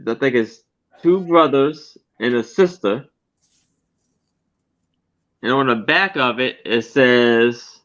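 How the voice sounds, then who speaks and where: A man describes an item up for sale on a live stream, speaking extremely slowly with many pauses. He is deliberate and halting as he reads off details. The sound is dull and lo-fi. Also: mid-range voice, fairly bright tone. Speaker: photo seller on a live sale. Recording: dull lo-fi online stream audio.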